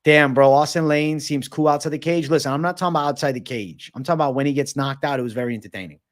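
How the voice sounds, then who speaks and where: Brief male streamer, relaxed profane chat reading, answers trail off quietly. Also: a little high, fast talker. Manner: reads chat aloud and answers in a loose, profane, joking way. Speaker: livestream host answering viewer questions. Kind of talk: casual livestream Q&A.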